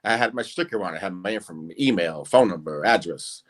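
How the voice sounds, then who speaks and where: A man's voice: low voice, expressive, fairly quick. Rambling guest impressionist, a man. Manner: rambling, hesitant, many fillers. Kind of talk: casual interview chat.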